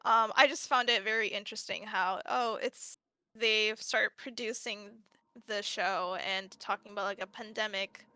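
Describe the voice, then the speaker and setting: A woman's voice: medium pitch, fairly even intonation, moderate pace, bright, forceful tone, no echo. A woman moderating a fan panel, chatty and light, reading out quiz questions and laughing easily. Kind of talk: casual panel discussion.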